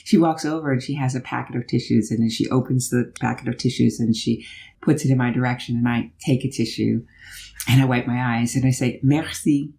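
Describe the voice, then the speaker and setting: A middle-aged woman vlogger telling a personal story in a chatty, animated way while driving on a road trip. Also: very deep voice, brisk, vocal fry, slight background noise.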